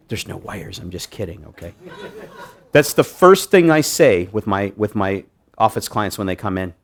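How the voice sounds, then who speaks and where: A man presenting a hypnosis demonstration to a live audience, joking with volunteers and restarting his sentences often. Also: fairly low pitch. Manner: joking, animated, many restarts. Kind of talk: live stage demonstration talk. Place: meeting room with audience.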